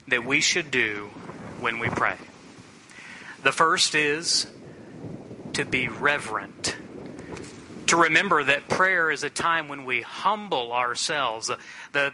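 A middle-aged male pastor preaching a sermon in an earnest, plainspoken way, slowing down to stress key phrases. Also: a little high, sharp tone, slight background noise.

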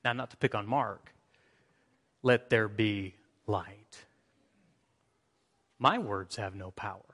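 A man's voice: mid-range voice, pushed and bright. A man preaching a sermon, reading scripture aloud and drawing in his congregation. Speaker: pastor. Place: church sanctuary. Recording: church sanctuary reverb.

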